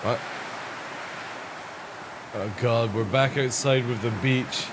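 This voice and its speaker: A man's voice: medium pitch, steady tone, measured pace, background noise. A man streaming live gameplay commentary, ranting, swearing a lot and laughing at the game's flaws. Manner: frustrated, swearing constantly, breaks into laughter.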